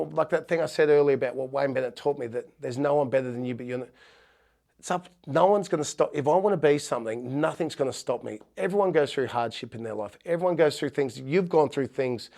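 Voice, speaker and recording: A man's voice: medium pitch, creaky, a little mellow. A middle-aged Australian man, a former rugby league player, telling heartfelt stories in a podcast interview with frequent restarts.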